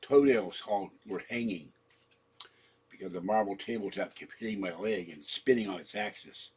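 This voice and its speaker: A man's voice: fairly low pitch, normal speed, a little mellow, slightly rough. A man in his seventies telling a meandering personal story, trailing off and correcting his own words, his throat sore from coughing. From San Francisco. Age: 70s. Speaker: channel host.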